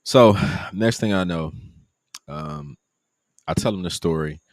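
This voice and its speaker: A man casually recounting his trip during a live stream, animated, acting out the people he met. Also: slow pace, no room sound, studio quality. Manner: animated, acts out quoted people in a higher voice. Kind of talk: casual storytelling.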